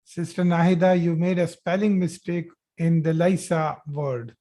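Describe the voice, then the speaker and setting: A man teaching an Arabic grammar class live over a video call, slowly repeating each phrase and praising his students as they answer. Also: on the high side, fairly even intonation, mellow.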